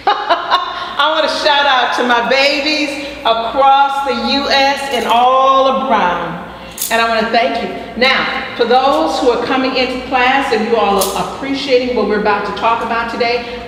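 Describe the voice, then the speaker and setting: A woman's voice: on the high side, moderate pace. A woman teaching a casual spiritual health class who peppers her talk with hallelujahs and fillers, speaking in an echoey room. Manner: warm and preachy, frequent hallelujahs and fillers. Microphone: far from the mic. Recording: echoey distant room with faint noise.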